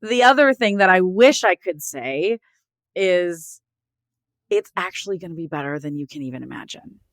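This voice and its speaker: Middle-aged woman as a podcast guest, heartfelt and candid, smooth resonant voice, dry close sound. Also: fairly low pitch, animated, normal speed, dry recording. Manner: earnest and heartfelt, leans on "like" and "right?". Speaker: guest author.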